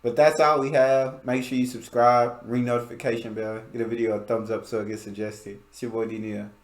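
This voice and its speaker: A man's voice: mid-range voice, level tone, a little fast, echoey room. A man from the United States hosting a reaction video in a casual way, full of fillers like "like" and "you know what I'm saying".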